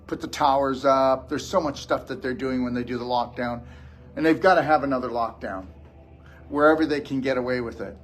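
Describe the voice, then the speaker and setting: A man's voice: mid-range voice, brisk. A man giving a blunt, scolding motivational lecture to a live audience as a wellness show host.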